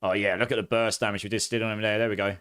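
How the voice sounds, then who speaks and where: A man from near London with an Essex accent touched with posh, chatting through live gameplay and quick to laugh. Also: lowish voice, flat delivery, a bit bright, smooth. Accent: Essex mixed with a bit of posh English. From near London, England. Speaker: streamer.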